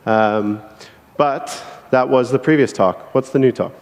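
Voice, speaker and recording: A man's voice: medium pitch, unhurried, darkish tone. A man hosting an event and introducing the next speaker, easygoing and joking, with fillers. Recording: echoey hall reverb.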